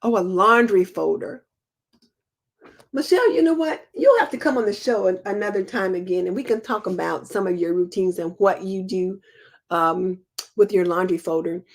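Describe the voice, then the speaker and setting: Middle-aged woman host, casual live-stream chat, homey and practical, mid-pitched. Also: normal speed.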